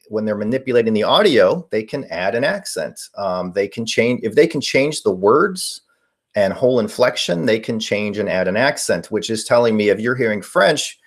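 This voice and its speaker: A man in his forties hosting a casual live stream, answering viewer questions in a rambling way with many fillers. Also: fairly low pitch. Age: 40s. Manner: rambling, reading chat questions aloud with fillers. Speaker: paranormal live-stream host.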